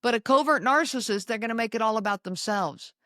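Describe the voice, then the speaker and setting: A woman hosting a podcast, speaking slowly and emphatically to her listeners and repeating key lines. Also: a little high, a bit bright, no room sound, studio quality. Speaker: podcast host. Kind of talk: solo talk to listeners.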